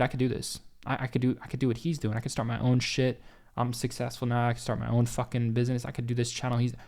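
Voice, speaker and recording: A man's voice: medium pitch, vocal fry, a little mellow. A young man hosting a trading group, ranting off the cuff with constant swearing and rambling repeats. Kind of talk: unscripted livestream rant.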